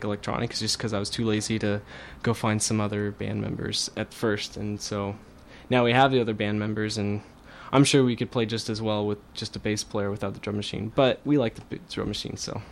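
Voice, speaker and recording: Young male musician, loose rambling interview talk, faint hiss behind. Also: lowish voice. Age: young adult. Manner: rambling, full of fillers and restarts. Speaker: band guitarist and songwriter. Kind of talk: casual interview chat. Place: radio studio.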